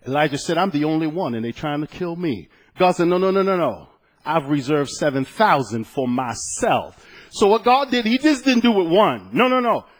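Preaching pastor, loud then hushed. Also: male voice, a little high, very animated, normal speed. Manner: swings from loud exclaiming to soft, hushed storytelling. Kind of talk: sermon with personal story.

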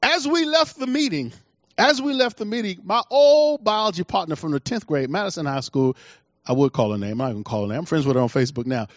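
A middle-aged male pastor preaching with a high, lively voice that swings widely as he acts out the people in his stories. His speech is folksy and colloquial. The recording is dull and lo-fi, with a dry, close sound. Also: fast talker, no room sound. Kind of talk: sermon.

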